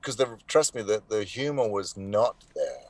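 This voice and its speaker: A man's voice: fairly low pitch, very animated, unhurried, no echo. A man answering interview questions as a voice actor guest, telling his story reflectively and with emphatic bursts. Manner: reflective, emphatic storytelling with sudden swings in loudness. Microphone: online live call.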